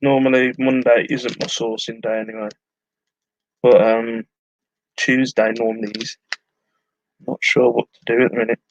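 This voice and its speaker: A man's voice: medium pitch, flat delivery, normal speed, pauses often, highs cut off. A man chatting casually on a live stream while packing orders at home and humming to himself. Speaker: online reseller streaming live. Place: at home, indoors.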